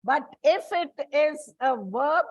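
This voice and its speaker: A high-pitched woman teacher lectures slowly and deliberately, walking students through grammar rules and often calling them children. The recording is dull and lo-fi, with a dry, close sound. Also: animated, dry recording. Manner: slow, deliberate explaining, addresses students as children. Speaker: English teacher. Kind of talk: classroom lecture on word stress.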